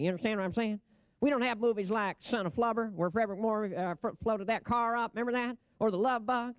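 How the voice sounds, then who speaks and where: A man's voice: high-pitched, a bit bright, dry recording. A man giving a comic, ad-libbed stage presentation at a convention. He talks into a podium microphone, rambles brashly and laughs at his own jokes.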